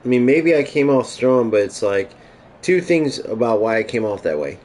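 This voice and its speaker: A man's voice: mid-range voice, big pitch swings, moderate pace, darkish tone, rough recording. Profane ranting male streamer. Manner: ranting, profane, talks to chat. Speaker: gaming streamer. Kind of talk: casual live-stream chat.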